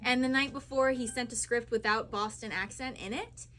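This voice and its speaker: A young actress woman telling chatty, animated stories with fillers at a live cinema Q&A. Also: fairly high pitch, moderate pace. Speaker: actress at a screening Q&A. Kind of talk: live Q&A storytelling. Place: cinema auditorium.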